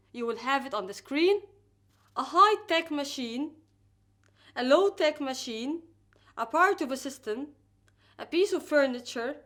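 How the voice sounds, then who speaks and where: Woman, high voice, careful slow drilling, recorded lesson. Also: a bit bright. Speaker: English teacher.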